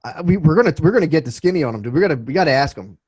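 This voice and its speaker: A man's voice: fairly high pitch, animated, very fast, a little mellow, husky, no room sound, rough recording. A man in his twenties co-hosting a casual podcast, telling loose, profane stories full of restarts. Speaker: podcast co-host.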